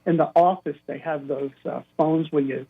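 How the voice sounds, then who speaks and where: An older man telling an animated story as a caller to a radio show, acting out the quotes. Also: a little high, moderate pace, breathy edge. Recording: tinny phone line.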